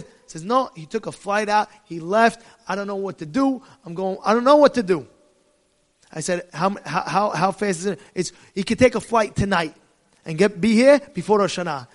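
High-voiced rabbi preaching dramatically. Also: male voice. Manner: dramatic storytelling, swinging from hushed to shouting; peppered with Hebrew and Yiddish terms. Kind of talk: sermon.

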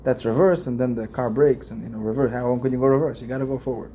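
A man's voice: mid-range voice, steady tone, fast, dark tone, slight background noise. A man, a rabbi, giving an informal religious lesson in a conversational way, repeating phrases and asking his listeners questions. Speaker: rabbi teaching a class.

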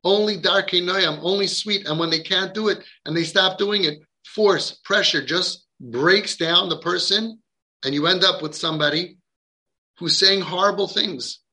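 High, sharp-voiced emphatic man. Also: unhurried. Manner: emphatic, repeats words for stress. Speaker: parenting coach. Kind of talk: impassioned podcast talk.

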